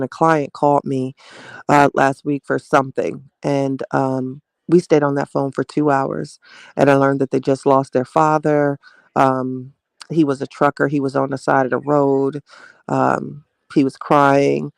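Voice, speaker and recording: A chatty man hosting a live stream, his voice gravelly and a touch high, speaking in a fairly flat tone. He greets viewers by name and calls them child and baby. The sound is dry and close to the mic. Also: no room sound. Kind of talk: casual live stream chat reading viewer comments.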